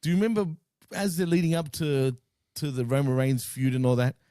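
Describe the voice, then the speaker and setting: An Australian man co-hosting a casual live wrestling chat, joking and laughing often, with halting restarts. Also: mid-range voice, warm tone, clear, resonant tone, no room sound, clean studio sound. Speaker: co-host.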